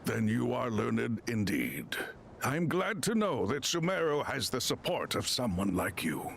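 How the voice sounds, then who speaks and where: A gravelly, solemn crocodile king. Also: mid-range voice, wildly swooping pitch, fairly bright tone, slight background noise, exaggerated voice. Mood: solemn, measured. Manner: formal, measured, reflective.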